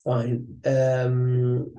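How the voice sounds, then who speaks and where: A man's voice: mid-range voice, completely flat delivery, extremely slow, warm tone, muffled recording. A man teaching a casual study class. He chants Hebrew passages in Ashkenazi pronunciation, then explains them in English. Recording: echoey room.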